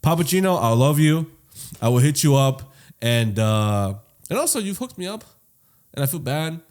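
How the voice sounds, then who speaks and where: A man co-hosting a casual podcast, telling a long story with lots of swearing, swinging between loud and quiet. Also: on the high side, moderate pace. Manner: profane, animated storytelling that swings loud and soft. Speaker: podcast co-host.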